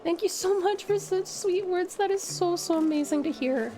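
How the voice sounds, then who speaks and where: A young Tasmanian woman streams a game in an extremely high voice at normal speed, game music playing behind her. She's bubbly and affectionate, thanking her chat warmly and swearing casually now and then.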